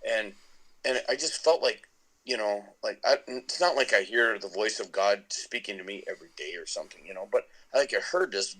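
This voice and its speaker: A man's voice: fairly low pitch, animated, brisk, sharp tone, poor audio. A middle-aged man, a podcast guest, tells a long personal story casually, with many restarts. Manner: rambling with many restarts and laughs.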